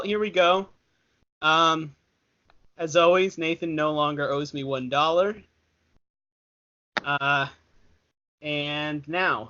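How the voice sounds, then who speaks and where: A young man co-hosts a casual podcast, rambling along and correcting himself mid-sentence. His voice is bright and a little high for a man. The audio sounds dull and lo-fi. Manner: rambling, self-correcting, chatty. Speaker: podcast co-host. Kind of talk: casual chat.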